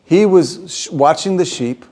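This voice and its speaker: A man's voice: fairly high pitch, measured pace, a little mellow. A man, a rabbi, giving an informal Torah class, often restarting phrases and repeating himself. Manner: repeats himself, restarts, chuckles, acts out quotes.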